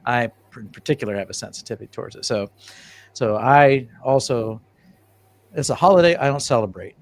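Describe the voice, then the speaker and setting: A man speaking as a podcast co-host in a casual, halting and self-deprecating way, hedging as he speaks. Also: medium pitch, no echo.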